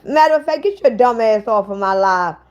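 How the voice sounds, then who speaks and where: A woman's voice: on the high side, lively intonation, fairly quick, darkish tone, highs cut off. A woman hosting a casual livestream, bluntly ranting and swearing at viewers in the chat. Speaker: livestream host.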